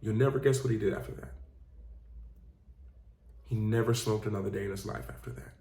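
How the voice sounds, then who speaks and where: A man's voice: fairly low pitch, fairly even intonation, fairly quick, creaky, mellow. A man, a life coach and host, giving an earnest motivational talk with emphatic, repeated phrases. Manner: earnest, emphatic storytelling with repetition. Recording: roomy echo.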